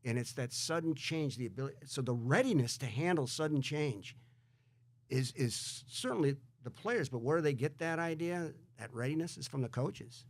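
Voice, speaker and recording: Animated, repetitive male interview host. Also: on the high side, moderate pace. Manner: animated, repeats words, quotes Shakespeare. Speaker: show host. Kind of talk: conversational interview.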